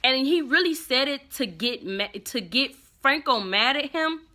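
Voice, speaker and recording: Woman, soap recap host, opinionated and animated, bright forward tone. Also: sits high, a little slow. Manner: chatty, opinionated, acts out characters' lines. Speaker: soap opera reviewer. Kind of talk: casual episode recap and commentary.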